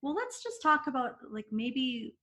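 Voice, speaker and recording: A woman's voice: high voice, sing-song, a little slow, pushed and bright. A woman, a mother, explaining parenting steps on a video call in a chatty way, often correcting herself mid-sentence. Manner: chatty, self-correcting, many fillers. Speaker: parent guest. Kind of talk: casual webinar chat.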